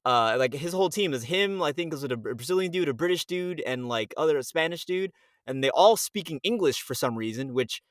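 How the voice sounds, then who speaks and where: Lively young man, dry close sound. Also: fairly high pitch, fairly quick, no echo. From Miami, USA. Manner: animated storyteller, acts out quotes. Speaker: guest voice actor. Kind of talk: casual podcast chat.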